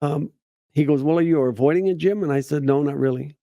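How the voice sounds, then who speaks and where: Gravelly, dark-voiced storytelling man. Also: a little high, no echo. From United States. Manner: halting, many restarts and repeated words; acts out quoted voices in his stories. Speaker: veterans advocate. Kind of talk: personal storytelling.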